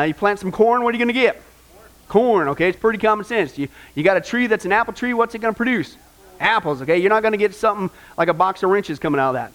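A man preaching a sermon as pastor, lively and conversational, quizzing the congregation. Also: sits high.

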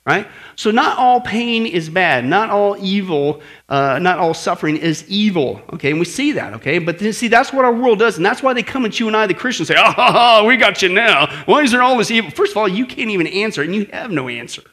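A middle-aged pastor preaches with a high, bright voice. His pitch swings widely as he acts out shouts and tells stories, checking in with the listeners by asking "right?" again and again. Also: a little fast, few pauses. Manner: animated storytelling with acted shouts and asides; keeps asking the audience "right?". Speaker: pastor teaching apologetics. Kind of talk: sermon.

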